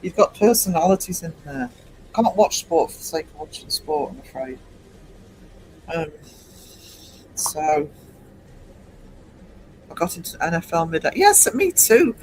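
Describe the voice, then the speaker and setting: An English man in his fifties hosting a casual late-night livestream, rambling and hesitant with many pauses. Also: fairly high pitch, slight background noise, poor audio. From England. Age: 50s. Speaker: livestream host.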